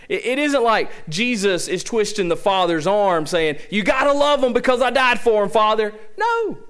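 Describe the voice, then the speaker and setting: High, lively Southern preacher. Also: male voice. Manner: preaching with rhetorical questions and emphatic repetition; opens with a slow, hushed prayer. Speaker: pastor. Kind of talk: sermon.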